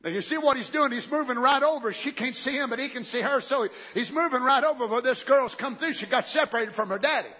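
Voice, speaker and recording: A man preaching a sermon, telling a story in folksy rural grammar and rising to shouted questions. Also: very high voice, fast, hardly any pauses. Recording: echoey hall, muffled old recording.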